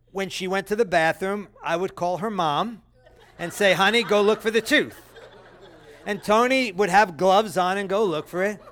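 Animated high-voiced male preacher. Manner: animated storytelling, acts out voices with loud high bursts. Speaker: pastor. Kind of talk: sermon.

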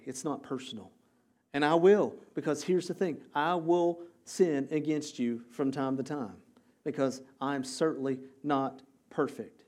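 A male pastor preaching a sermon, energetic and repeating key phrases for emphasis. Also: on the high side.

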